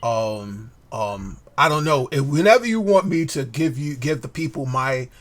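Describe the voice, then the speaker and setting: A man's voice: mid-range voice, animated, moderate pace. A man co-hosting a podcast in casual chat, hyped and stammering, swearing often. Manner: hyped, stammering, swears and says "son" a lot. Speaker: podcast co-host.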